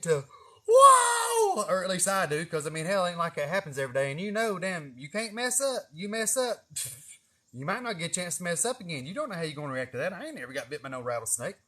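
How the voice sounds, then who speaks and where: A young man, telling a rambling story with lots of cursing and laughing at himself. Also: a little high. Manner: animated, profane, laughing at himself. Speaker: vlogger. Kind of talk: casual storytelling.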